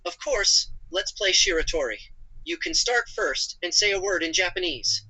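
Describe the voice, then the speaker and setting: A text-to-speech male voice playing a calm, apologetic AI companion chatbot who narrates his own actions. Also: high voice, moderate pace, breathy edge, exaggerated voice, low-quality recording. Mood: reassuring.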